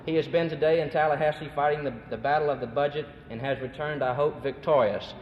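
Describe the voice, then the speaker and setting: Young man, student body MC, formal and ceremonious, raised pitch; echoey hall, dull noisy old tape. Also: fairly even intonation, fast talker. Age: young adult. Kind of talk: formal speech introductions. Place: large hall at a symposium.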